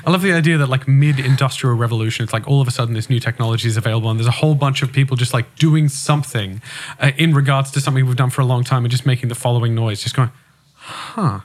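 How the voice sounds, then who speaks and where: A man trades crude jokes on a casual podcast, often cutting in on the others. His voice sits at a middle pitch, and he swears freely. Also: racing. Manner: joking, swears, interjecting. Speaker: podcast co-host.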